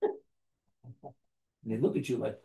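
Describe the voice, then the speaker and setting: A man's voice: medium pitch, very animated, unhurried, mellow. Man teaching a class in an echoey room. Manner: asks the group questions and jokes with them. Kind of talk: interactive class talk.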